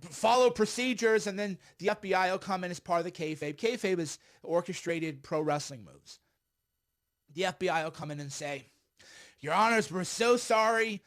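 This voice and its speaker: This middle-aged man's voice sits on the high side for a male as he bluntly and emphatically holds forth on politics over a livestream. He breaks off mid-talk to draw on a cigar.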